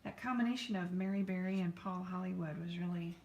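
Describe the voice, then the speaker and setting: A woman's voice: lowish voice, quick pace, a little mellow, echoey room, slight background noise. An American woman hosting a live painting stream from her art studio, chatting and rambling in a friendly way to viewers as she paints. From United States.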